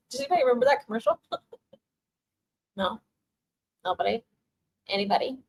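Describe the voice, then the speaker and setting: A young adult woman hosting a casual spiritual livestream, reading out viewer comments and giving tarot readings with frequent laughter and warm affirmations. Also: on the high side, huge pitch swings, moderate pace, slightly rough, poor audio. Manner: bubbly, laughs often, emotional and affirming.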